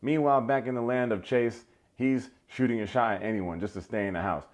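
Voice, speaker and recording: This dating show recap comes from a man with a medium-pitched, darkish voice who talks fairly quickly with fairly even intonation. His commentary is sarcastic and playful, complete with impressions of those he quotes.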